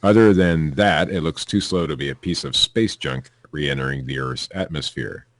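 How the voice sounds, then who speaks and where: A man with a very low voice co-hosts a loose, comedic podcast, reading odd news stories aloud and breaking off for asides. The sound is dry and close to the mic. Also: moderate pace, no echo. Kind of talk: casual comedic news chat.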